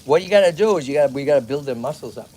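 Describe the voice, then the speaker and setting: Energetic male rescue host, Massachusetts accent, fairly high-pitched, chatty outdoor livestream delivery with constant check-ins. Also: racing, slight background noise. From Lowell, Massachusetts. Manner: energetic, chatty, keeps checking in with "okay?" and "right?". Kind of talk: livestream chat. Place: outdoors at a tortoise pond.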